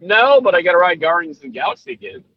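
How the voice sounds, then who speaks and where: A man's voice: high voice, animated, fast talker, creaky, dull audio. A man co-hosting a podcast, chatting in an easygoing, rambling way. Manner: rambling, lots of fillers and restarts, easygoing. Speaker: podcast co-host. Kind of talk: casual chat.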